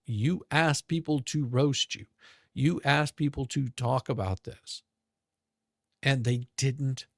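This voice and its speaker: Slow gravelly streamer guy ranting, swearing a lot, sarcastic, dry close sound. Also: mid-range voice, no room sound. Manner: profane, sarcastic, mocking. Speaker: streamer commentator. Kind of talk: ranting commentary. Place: home streaming setup.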